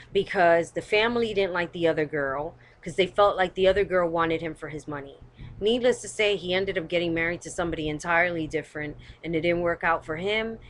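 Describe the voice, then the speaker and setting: A woman hosts her own live stream, recorded on a webcam, giving casual, opinionated commentary. She's blunt and swears, rambling with lots of hedging like "I don't know". Her voice is lowish with a fairly bright tone.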